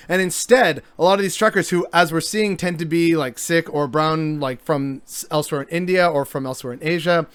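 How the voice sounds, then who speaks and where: A man's voice: on the high side, a bit bright, smooth, no room sound. A man delivering an exasperated, sarcastic commentary monologue as a vlogger.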